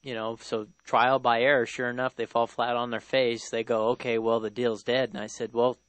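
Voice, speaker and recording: Brief: male radio co-host, easygoing storyteller, medium pitch, dry studio sound. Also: flat delivery, moderate pace, dry recording. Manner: casual storytelling, laid-back. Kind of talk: live radio talk.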